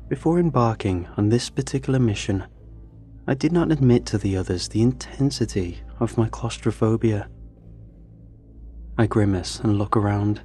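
A man narrating a first-person story in a steady, scripted reading. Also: on the low side.

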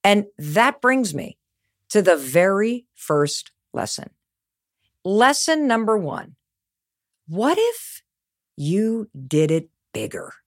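A woman's voice: mid-range voice, sing-song, slow, pauses often. A middle-aged woman giving a motivational talk, telling stories with energy and emphasis. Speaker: motivational speaker.

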